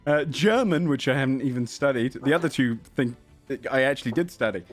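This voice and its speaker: A man's voice: mid-range voice, expressive, a little fast, faint music behind. Joking man hosting a game. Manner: jokey, self-mocking. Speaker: game master and show host. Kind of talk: casual chat and sponsor read.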